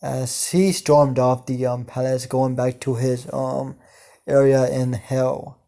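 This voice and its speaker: A man narrating an improvised fan story, slow and halting with many ums and casual swearing. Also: mid-range voice, little pitch movement, vocal fry, warm tone.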